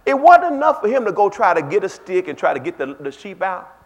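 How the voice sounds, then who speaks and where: Animated preacher with a high lively voice. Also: male voice, brisk. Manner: animated, swings from low asides to shouted peaks; folksy, conversational preaching with call-and-response asides. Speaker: pastor. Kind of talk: sermon.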